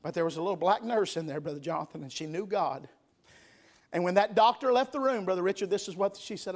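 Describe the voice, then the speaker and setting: A man's voice: sits high, fast talker. A man preaching a revival sermon in a church, emphatic and calling for responses from the congregation. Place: church sanctuary.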